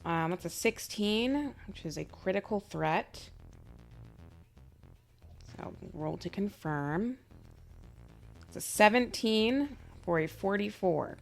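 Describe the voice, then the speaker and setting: A woman playing a tabletop game, halting and unsure as she works out her moves. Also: medium pitch, lively intonation, vocal fry, faint music behind. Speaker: player.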